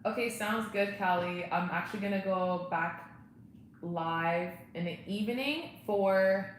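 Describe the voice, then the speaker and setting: In an echoey room with faint ambient noise, a young woman runs a relaxed livestream from her home, chatting and replying to viewer comments. She speaks at a medium pitch and a measured pace.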